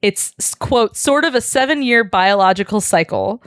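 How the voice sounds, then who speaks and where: A woman's voice: mid-range voice, expressive, normal speed, a bit bright, no room sound, clean studio sound, close to an everyday voice. A woman quoting a blunt, worried ship doctor who explains things with mild swearing.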